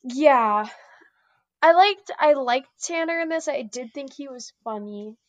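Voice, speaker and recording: Woman podcast guest, high voice, meandering filler-heavy chat, dry close sound. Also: lively intonation, measured pace, no echo. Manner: meandering, hesitant, heavy use of "like". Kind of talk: casual chat.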